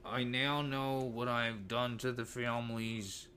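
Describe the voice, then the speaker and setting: A calm, soft-spoken remorseful man confessing in a slow, subdued voice, as a man does an impression of him on a casual podcast. He sounds flat and quiet, with a mid-pitched male voice. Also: slight background noise.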